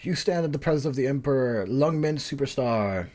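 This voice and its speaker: A man voicing a brash, swaggering male boss in a slow drawl while reading a game story aloud. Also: mid-range voice, animated, darkish tone, close to an everyday voice.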